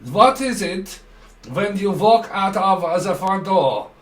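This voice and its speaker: A man's voice: high-pitched, expressive, slow pace, fairly bright tone, voice pushed up, heavily acted. A man putting on a stern foreign interrogator. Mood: interrogating. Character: stern foreign male interrogator demanding answers. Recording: roomy echo, mic at a distance.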